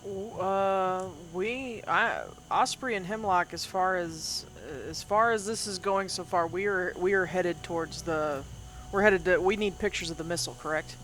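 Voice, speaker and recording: A woman's voice: fairly low pitch, moderate pace, a bit bright. A woman playing in a tabletop game, who asks rule questions and talks hesitantly, with many restarts. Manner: hesitant, laughs often. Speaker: player.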